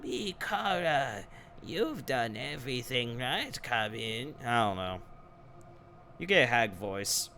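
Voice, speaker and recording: A man's voice: mid-range voice, very animated, takes it slowly, bright, forceful tone, slight background noise. A male streamer playing a game live, reading the dialogue aloud and adding wry, joking asides.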